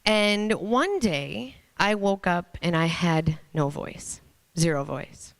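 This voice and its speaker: A woman's voice: fairly low pitch, lively intonation, creaky, no echo. Earnest woman speaker, dry close sound. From Minnesota, USA. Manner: earnest, storytelling, pauses for emphasis. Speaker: motivational speaker. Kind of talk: inspirational stage talk. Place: stage before an audience.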